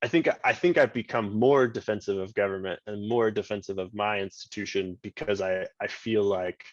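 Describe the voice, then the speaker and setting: He has a lowish voice and a moderate pace as he spins a loose, casual story on a podcast, where he's a guest and works as a state government chief of staff. Fillers like "like" and frequent restarts fill his talk, captured in dull, dry lo-fi sound without room tone.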